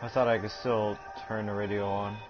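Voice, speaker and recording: A low-voiced man giving casual let's-play commentary, hesitant and rambling a little. His dull, lo-fi recording sits over loud game music. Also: little pitch movement, normal speed. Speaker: gameplay commentator.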